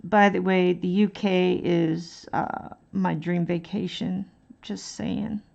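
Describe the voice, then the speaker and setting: A woman streamer from Texas chats slowly while she colors, drifting off and poking fun at herself. Her voice has a gravelly fry, and the audio sounds dull and lo-fi. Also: fairly low pitch, fairly even intonation, a little mellow. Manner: rambling, laughing, self-deprecating.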